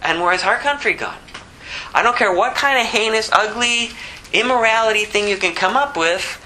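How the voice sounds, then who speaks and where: A man preaching a conversational sermon, asking rhetorical questions and dropping low to act out quotes. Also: moderate pace, sharp tone, slight background noise, low-quality recording. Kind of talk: expository sermon.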